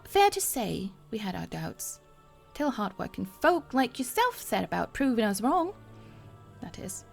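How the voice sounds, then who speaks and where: A woman voicing a rough-spoken female chocobo wrangler in a rustic folksy dialect, over game music. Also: high-pitched, darkish tone, voice pushed up, heavily acted.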